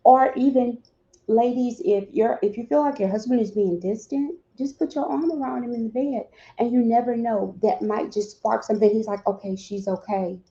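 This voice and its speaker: A woman speaks directly and earnestly to parents in grief, acting out small dialogues as she goes. Her voice is warm and mellow, and the recording is dull and lo-fi. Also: a little high, normal speed. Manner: direct, heartfelt, acts out little dialogues. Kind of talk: earnest advice talk.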